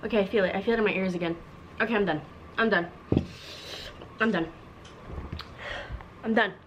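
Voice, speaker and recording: A woman's voice: medium pitch, moderate pace, lo-fi sound, noisy background. A young woman co-hosting a casual home vlog, bantering and teasing playfully at a table. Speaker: vlogger co-host.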